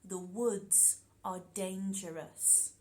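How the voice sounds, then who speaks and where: A woman voicing a stern, cautious mother who gives her warnings slowly. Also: mid-range voice, steady tone, mellow, voice pushed down. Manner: slow, warning.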